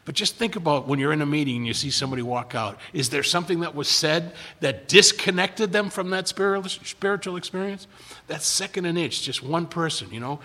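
An older man with a husky, breathy voice tells a rambling recovery story, pitched a little high with a bright, forceful edge. He keeps stalling, repeating words and starting over. His voice rings out in a hall with a long echo. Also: fairly quick. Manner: rambling, many restarts and stammers. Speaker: recovery speaker. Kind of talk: personal story sharing.

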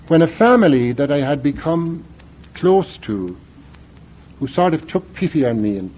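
An older Irish man, a priest, telling a personal story in a dramatic, emphatic way, heard in a dull lo-fi recording. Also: mid-range voice.

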